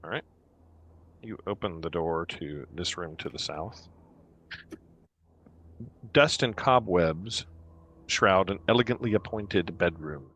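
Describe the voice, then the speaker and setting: A man with a low, bright, forceful voice narrates a tabletop game as dungeon master. He sets each scene slowly and stops often to find his words. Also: husky. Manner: slow, descriptive scene-setting with many pauses.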